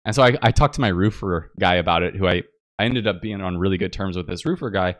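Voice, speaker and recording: A man's voice: low voice, fast, no echo. A man telling a long casual story as podcast host, rambling with many fillers and acted-out quotes. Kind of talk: casual storytelling over photos.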